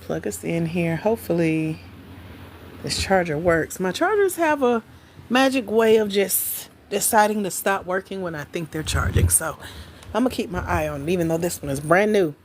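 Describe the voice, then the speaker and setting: Woman livestream host, animated swooping pitch, chatty, playful, faint background noise. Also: moderate pace. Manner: chatty, playful, talks straight to viewers. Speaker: livestream host, grants coach. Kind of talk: casual livestream chat.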